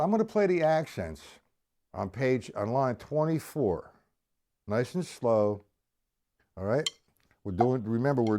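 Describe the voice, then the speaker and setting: A middle-aged drum teacher gives a lesson on a live stream in a warm, mid-range voice. He is apologetic and rambling, frequently stopping to restart sentences, and he counts and explains stickings slowly.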